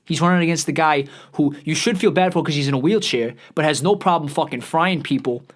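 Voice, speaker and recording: A man's voice: a little high, a little fast. Profane, rambling New man. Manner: profane, rambling, sarcastic, self-interrupting. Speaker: vlog host. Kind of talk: casual ranting commentary while scrolling social media.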